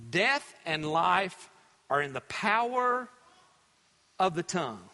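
High-voiced pastor preaching in a reverberant hall. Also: male voice, sharp tone. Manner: preachy, repetitive emphasis with many fillers. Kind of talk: sermon.

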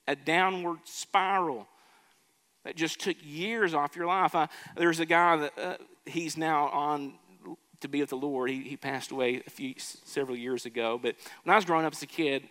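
Bright-voiced preacher in a reverberant hall. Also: male voice, fairly high pitch. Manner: earnest preaching with rising emphatic swells and repeated restarts. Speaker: pastor. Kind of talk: sermon.

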